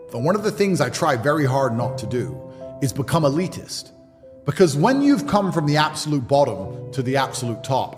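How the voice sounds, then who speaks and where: Man in his thirties, blunt and lecturing, big swings in pitch, slightly high voice, long reverb tail with music bed underneath. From England. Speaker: podcast guest. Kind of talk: motivational monologue.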